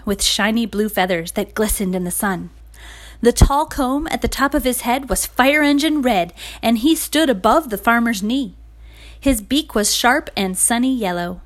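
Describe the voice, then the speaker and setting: A woman narrating a children's picture story in a clear read-aloud manner. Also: medium pitch.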